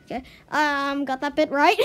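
A woman's voice: sits high, steady tone, moderate pace, a bit bright, faint music behind. A woman vlogging as she works through a language lesson, puzzled and giggly, sounding out new words to herself. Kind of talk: casual commentary while doing a language lesson.

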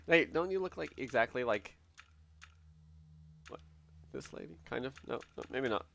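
A man streaming a video game, giving live commentary in an excitable, joking way as he thinks aloud. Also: medium pitch, moderate pace, vocal fry, pauses often.

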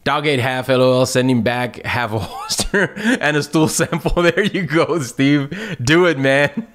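A man's voice: mid-range voice, a little slow, fairly bright tone. A man answering viewer questions in a casual, laid-back chat, often saying "man" and "dude" and laughing a lot.

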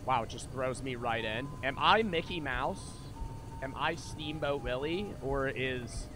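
Rich: A young man streaming a horror game live, talking loosely and profanely to his chat as he plays. His voice sits at an ordinary middle pitch, and game music plays steadily behind him. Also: a little slow. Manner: casual, profane, chatty with viewers. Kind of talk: live gameplay commentary.

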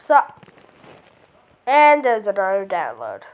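A woman commenting casually on a mobile game, excitable and full of dramatic protests. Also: mid-range voice, slow pace, highs cut off, a little hiss or hum. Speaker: game player.

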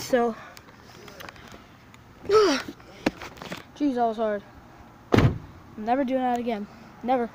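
A woman vlogging from in and around a car, jumpy and playful, swinging between hushed whispers and loud exclamations. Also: high-pitched, steady tone, very slow, long pauses. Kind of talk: playful make-believe vlog. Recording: noisy handheld recording.

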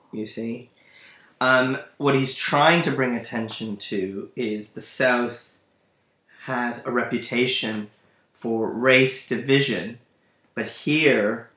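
Guy explaining a play to students, thoughtful, kinda roomy echo. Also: mid-range voice. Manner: thoughtful, thinking aloud, addresses students directly. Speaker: literature teacher. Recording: echoey room.

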